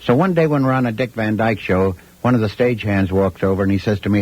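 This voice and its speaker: Low, husky male raconteur. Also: fast, low-quality recording. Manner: relaxed raconteur, acts out quotes. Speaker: comedian guest. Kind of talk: anecdote telling.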